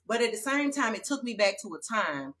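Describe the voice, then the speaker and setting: A woman speaks straight to her viewers in an emphatic, preachy monologue. Her voice sits a bit high and sounds bright and forceful. She talks like she is testifying to friends. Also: big pitch swings, brisk, slight background noise. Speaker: vlogger. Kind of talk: casual storytelling monologue.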